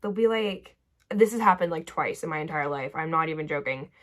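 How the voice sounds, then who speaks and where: A woman's voice: low voice, lively intonation, a little fast. A young woman vlogging casually while doing her makeup at her bedroom vanity, chatty and rambling, full of "like" fillers and drifting into tangents. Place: bedroom vanity lit by a ring light.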